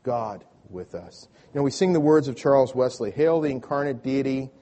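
A man's voice: mid-range voice, normal speed, warm tone. A male pastor delivering a sermon, restarting phrases with repeated words and leading the congregation to speak lines back.

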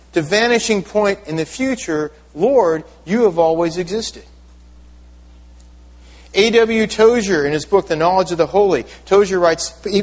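A man with a notably high voice delivers a teaching sermon as pastor. He explains word meanings step by step, often restarting a phrase, and invites the congregation to read along with him. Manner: teaching, leads congregation in reading aloud; explanatory, repeats words when restarting.

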